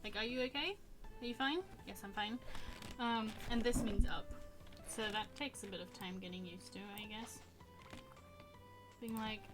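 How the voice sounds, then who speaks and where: A woman's voice: on the high side, normal speed, pauses often. Chatty young woman streamer, rambling. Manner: rambling, chatty, self-correcting, laughs often. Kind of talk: casual gaming stream chat. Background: game music and keyboard typing.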